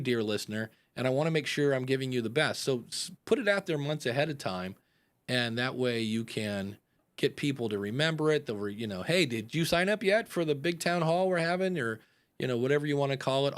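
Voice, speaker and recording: A man, a podcast coach hosting a live advice chat, rambling and acting out example announcements. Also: medium pitch.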